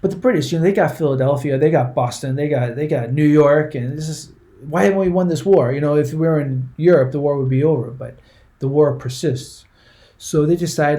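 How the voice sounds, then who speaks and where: A male history teacher gives a conversational classroom lecture in a fairly high, mellow voice at a brisk pace. He often restarts and repeats words and keeps checking in with listeners by asking "right?"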